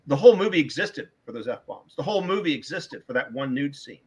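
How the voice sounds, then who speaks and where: A man's voice: a little high, expressive, fast talker, hardly any pauses, slightly rough, poor audio. A middle-aged man talking as a guest author in a casual podcast interview, emphatic and opinionated, repeating words for stress.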